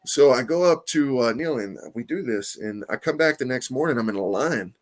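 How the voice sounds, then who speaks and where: A man telling a story in a casual interview, animated and profane, acting out quoted voices and laughing often. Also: medium pitch, normal speed. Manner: animated, profane, lots of "you know what I mean". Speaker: comic artist guest.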